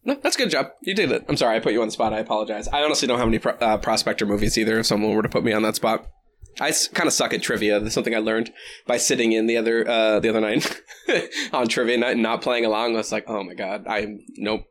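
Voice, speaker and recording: A man's voice: on the low side, racing, fairly bright tone. A man hosting a casual podcast chat, giggly and playful, often slipping into silly voices. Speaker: podcast host.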